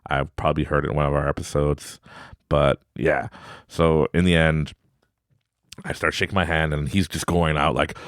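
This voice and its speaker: A man's voice: extremely low pitch, moderate pace, clean tone, dry recording, studio quality. A man hosting a podcast, telling a story casually with frequent laughter and acted-out voices. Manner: animated, laughs often, acts out voices. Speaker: podcast host.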